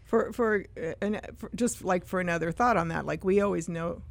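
A middle-aged woman talking as a guest on a radio show about her small business, halting and restarting her sentences. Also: lowish voice, creaky, dry recording. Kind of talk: casual radio talk.

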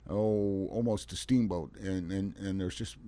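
A man hosting a local radio garden show talks in a folksy, rambling way. He chuckles often and restarts his sentences, and his voice sits a little on the low side. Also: fairly even intonation, a little slow, mellow. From Oregon. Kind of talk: casual radio talk show chat.

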